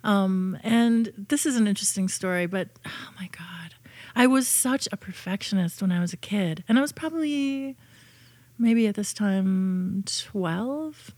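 A woman's voice: medium pitch, expressive, a little slow, a little mellow, no echo. A woman telling personal stories in a casual chat, with many fillers and restarts.

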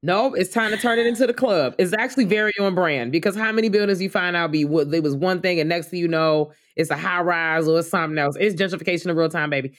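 A woman hosting a casual movie review chat, animated and playful, with lots of slang. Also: lowish voice, quick pace, hardly any pauses.

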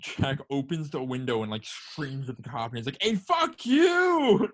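A young man in casual chat, telling a story in an animated way with swearing. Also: medium pitch, brisk. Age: young adult. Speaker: storyteller friend.

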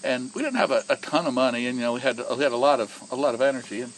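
A man's voice: medium pitch, lively intonation, rapid-fire, a little hiss or hum, poor audio. A man who co-founded a whiskey distillery tells its story casually and with animation, often repeating and restarting words.

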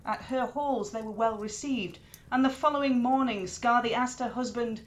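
A woman storyteller narrating a myth in an expressive, lilting way. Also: a little high, normal speed.

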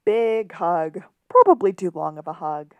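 A woman co-hosting a podcast, recapping a TV episode in casual chat and acting out quick lines from scenes. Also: fairly low pitch, lively intonation, no echo, narrow, tinny audio. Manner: chatty, retells scenes with quick quoted lines. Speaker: podcast co-host.

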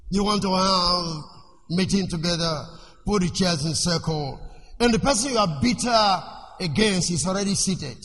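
A male preacher giving a sermon in an animated way. He asks the congregation questions and lets them finish his sentences. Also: high voice. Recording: echoey hall with faint noise.

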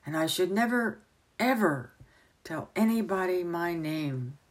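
A woman's voice: fairly low pitch, lively intonation, unhurried. A woman voicing an earnest young boy from a storybook who talks eagerly and wistfully.

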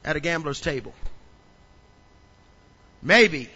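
A man pastor preaching a sermon, telling funny stories and building up to loud preaching. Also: high-pitched, huge pitch swings, drawn-out words, pauses often, husky, lo-fi sound. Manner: humorous storytelling, acts out little scenes.

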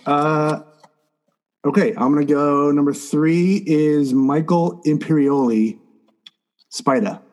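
A man co-hosting a casual podcast chat, animated and teasing, laughing often. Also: a little high, slow pace, pauses often. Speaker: podcast co-host.

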